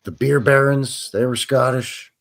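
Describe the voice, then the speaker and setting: A man's voice: mid-range voice, steady tone, measured pace, vocal fry. A man with a Canadian accent co-hosting a show, chatting casually and joking around in easy banter. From Western Canada. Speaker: podcast co-host. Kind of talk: casual chat.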